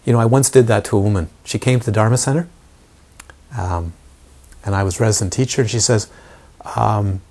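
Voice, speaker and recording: A man's voice: lowish voice, brisk, pauses often, darkish tone. A man teaching meditation to a group, asking his listeners repeated rhetorical questions and repeating words for emphasis. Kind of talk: dharma talk to a group.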